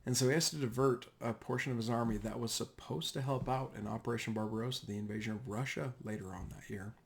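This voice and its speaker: A man's voice: mid-range voice, fairly even intonation, fast, vocal fry. A man giving a casual, rambling history lecture over slides, often correcting himself mid-sentence. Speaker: history teacher.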